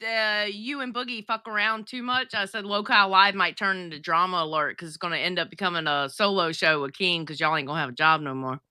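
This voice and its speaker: A woman chatting on a live stream, blunt and slangy, quick to protest. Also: lowish voice, fairly even intonation, pushed and bright, smooth, no echo, clean studio sound. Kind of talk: casual live stream chat.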